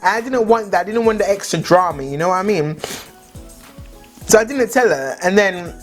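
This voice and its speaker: A woman's voice: mid-range voice, lively intonation, normal speed, music in the background. A young woman telling a story in a chatty way, many "like" fillers. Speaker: vlogger. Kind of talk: casual storytime chat.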